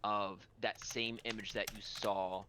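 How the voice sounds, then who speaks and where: A man's voice: fairly low pitch, little pitch movement, a little slow, noisy background. A man running a tabletop game as game master, narrating in a rambling, filler-heavy way.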